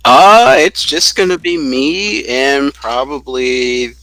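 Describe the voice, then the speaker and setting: A man's voice: mid-range voice, animated, slow pace, sharp tone, no echo, poor audio. A man co-hosting a podcast, chatting casually and ranting with profanity and emphasis. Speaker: podcast co-host. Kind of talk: casual chat.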